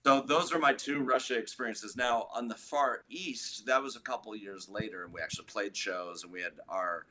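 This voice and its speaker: Brief: man with a lowish voice, guest musician, chatty rambling storyteller in a relaxed interview. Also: moderate pace, hardly any pauses, slight background noise. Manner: rambling, full of "like" and restarts.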